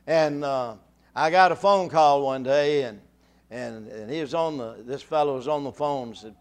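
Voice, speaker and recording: An older man preaching a sermon, full of halting restarts and repeated words that build into fervent calls to the congregation. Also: mid-range voice, smooth.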